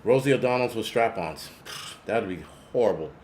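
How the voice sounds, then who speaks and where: A man's voice: lowish voice, lively intonation, moderate pace, darkish tone, slight background noise. Rambling, profane man host. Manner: rambling, profane, reads chat names aloud. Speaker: host of a prepper channel. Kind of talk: casual live-stream chat.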